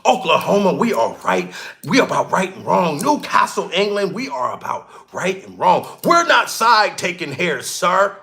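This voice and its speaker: Loud excitable man ranting on a livestream. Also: high-pitched, normal speed, vocal fry. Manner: loud, excitable, shouting shout-outs to chat. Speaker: livestream commentator. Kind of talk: profane livestream rant.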